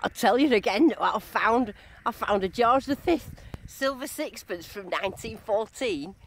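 A woman with a high, bright voice that swoops up and down, talking in a bubbly, chatty way. She gives running commentary outdoors to a handheld camera. A faint hiss sits behind her. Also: animated, unhurried. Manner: bubbly, chatty, repeats herself in delight. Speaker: metal detecting vlogger. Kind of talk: excited casual running commentary. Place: outdoor field dig.

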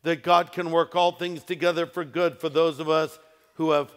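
A pastor preaches in a big hall, his words trailing off into long reverb. His voice is a bit higher than most men's, bright and clean with little pitch movement, and he rises emphatically, then slows to stress key phrases.

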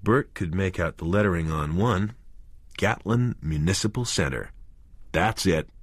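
A man narrating an audiobook in a measured, expressive way. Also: low voice, husky, no echo, studio quality.

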